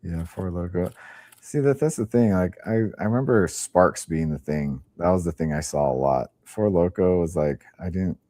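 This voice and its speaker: Young male podcast host, very deep and warm, easygoing and profane. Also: normal speed. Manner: laid-back, swears casually, trails off. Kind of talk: casual chat.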